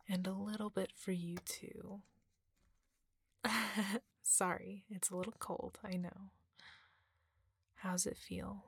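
A woman in a whispered role-play, speaking softly and teasingly with a husky, breathy voice close to the mic. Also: medium pitch, little pitch movement, dry recording. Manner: soft, teasing, slow and breathy, with frequent murmurs.

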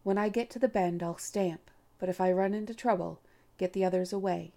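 A brave young buck rabbit who leads his band through danger, speaking in quick, low-key commands, as a woman reading the storybook puts him on. The voice is dark and mellow with a gravelly edge. It sounds like a spoken storybook. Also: lightly acted. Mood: urgent. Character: brave young male rabbit leader, cautious.

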